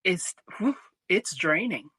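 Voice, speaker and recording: A woman co-hosting a relaxed podcast conversation, telling stories with lots of energy. Her voice is bright and forceful, and she slips into the voices of the people she's quoting. The sound is dry and close, with no room around it. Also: on the low side, takes it slowly, breathy edge, no echo. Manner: animated, acts out quoted voices, laughs easily. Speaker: podcast co-host. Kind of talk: casual chat, storytelling.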